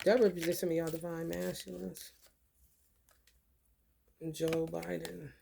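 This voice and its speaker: A woman's voice: fairly low pitch, fairly even intonation, takes it slowly, gravelly, heavy background noise. A woman venting in a casual monologue, telling a story bluntly and profanely with lots of rhetorical questions. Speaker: vlogger.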